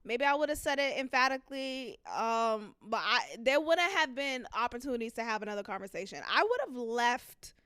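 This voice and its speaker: A young adult woman hosting her own podcast, talking casually and candidly, breaking into loud laughter when amused. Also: sits high, lively intonation, moderate pace, clear, resonant tone, no room sound, clean studio sound. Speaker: podcast host. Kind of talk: casual solo commentary.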